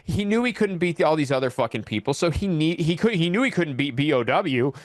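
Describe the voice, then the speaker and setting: A man's voice: a little high, lively intonation, fairly quick, no echo. A man guesting on a podcast, ranting angrily and profanely in a heated, repetitive way. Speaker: wrestling champion guest.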